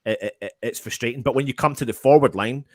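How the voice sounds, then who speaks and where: A man's voice: mid-range voice, fast, no echo, studio quality. Emphatic, frustrated man in a fan chat. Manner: frustrated, emphatic, repeats himself. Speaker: podcast panelist. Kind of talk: casual fan chat on a live stream.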